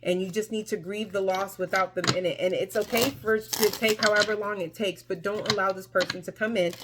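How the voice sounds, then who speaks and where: A woman's voice: medium pitch, very noisy. A woman giving a casual tarot reading to her viewers, chatty and emphatic, with many fillers and restarts. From Mexico. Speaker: tarot reader.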